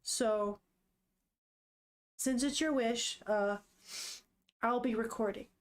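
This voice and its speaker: A woman voicing a quiet, grieving father in a subdued, hesitant way while reading a manga aloud. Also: on the high side, slow pace.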